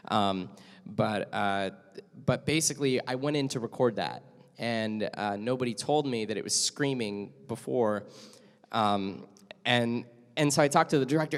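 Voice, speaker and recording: A man's voice: mid-range voice, measured pace, clean tone. A man and voice actor chatting casually on a panel, easygoing and rambling. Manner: easygoing and rambling, many fillers and restarts. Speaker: anime voice actor on a convention panel. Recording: convention hall reverb.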